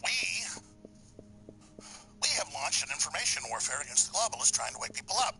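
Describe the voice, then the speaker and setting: A man hosting a talk radio show, shouting through an angry political rant. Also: medium pitch, big pitch swings, fairly quick, gravelly, low-quality recording. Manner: ranting, shouting, furious outbursts.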